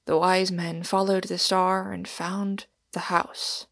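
A woman voicing a solemn, weary male pilgrim in an audiobook reading, speaking gravely and often half-whispering. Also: lowish voice, level tone, slow pace, no echo, clean studio sound, heavily acted. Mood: sorrowful.

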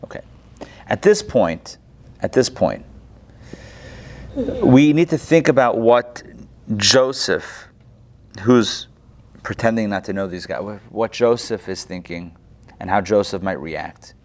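A man's voice: fairly low pitch, lively intonation, takes it slowly, long pauses, darkish tone. A man teaching an online Torah class over a video call, retelling the text in casual modern speech.

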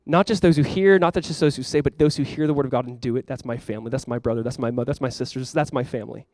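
A man's voice: medium pitch, fast talker, darkish tone, no room sound, clean studio sound. A young man preaching a sermon to his church as pastor, earnest and conversational, with many fillers.

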